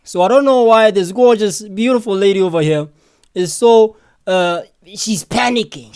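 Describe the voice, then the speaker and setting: A man hosting reaction commentary, explaining and teasing in a relaxed, repetitive way. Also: sits high, normal speed, smooth.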